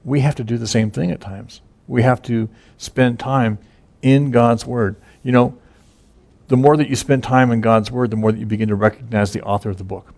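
A man's voice: mid-range voice, fairly even intonation, moderate pace, vocal fry, a little mellow. A man preaching a casual sermon, retelling scripture in a folksy, conversational way with many fillers. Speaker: pastor.

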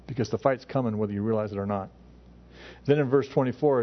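A middle-aged male pastor delivering a sermon in a mid-pitched, conversational voice. He restarts his phrases often as he works through scripture. The recording sounds dull and lo-fi. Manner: conversational preaching with frequent restarts.

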